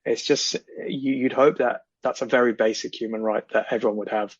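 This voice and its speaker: A man talking as a guest on a casual podcast, earnest and impassioned, often repeating phrases for emphasis. His voice is husky and mid-pitched. The audio is dry and close, with a slightly dull, lo-fi sound. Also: fairly even intonation, brisk, dry recording.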